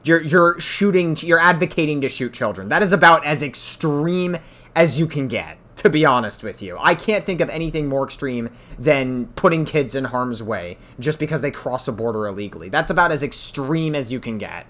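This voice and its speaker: A man's voice: a little high, expressive, normal speed, a bit bright. A man giving heated, exasperated reaction commentary, swearing often and repeating his points. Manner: heated, exasperated ranting with profanity. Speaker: commentary streamer.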